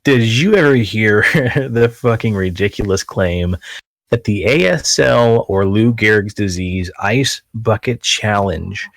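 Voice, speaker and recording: A man with a lowish voice hosting a casual podcast chat, crude and joking as he rambles through stories. The sound is dry and close, with no room around it. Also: slow pace, vocal fry, no room sound. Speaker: podcast host.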